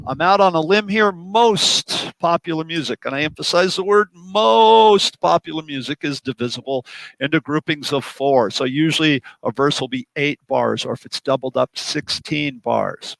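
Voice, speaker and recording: A fairly high-voiced middle-aged man teaching drums, walking through a song chart step by step. He counts the beats out loud as he explains. The sound is close and dry, with no room around it. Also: creaky, no echo, low-quality recording. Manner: explanatory, counts beats aloud while demonstrating. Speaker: drum teacher.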